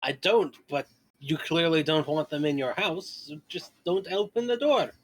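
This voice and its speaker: An Irish man with a slightly high voice banters through a tabletop session. He is blunt and sarcastic and swears casually. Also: normal speed. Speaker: player.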